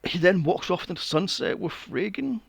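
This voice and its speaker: A man hosting a podcast, recapping a film plot in a casual, animated way, swearing often and acting out his own reactions. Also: sits high, moderate pace, gravelly, husky, no room sound. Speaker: podcast host.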